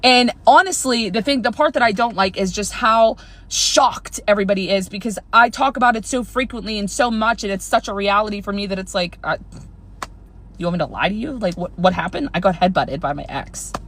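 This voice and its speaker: A woman's voice: mid-range voice, brisk, a bit bright. A woman telling a heavy personal story, overwhelmed and close to tears, earnest and rambling, cursing for emphasis. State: on the verge of tears.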